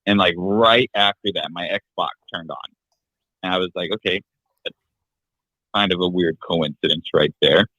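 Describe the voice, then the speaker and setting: A man's voice: low-pitched, normal speed, pauses often, pushed and bright, dry recording, poor audio. A young man casually telling a personal story on a podcast, plain and a bit hesitant. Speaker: guest family member.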